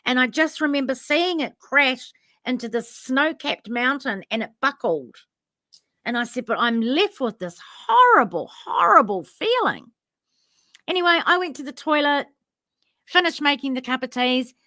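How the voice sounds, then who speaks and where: A woman's voice: sits high, animated, moderate pace, bright, forceful tone, no room sound, clean studio sound. A woman, co-hosting a casual chat and telling a story, acting out both sides of remembered conversations. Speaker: podcast co-host.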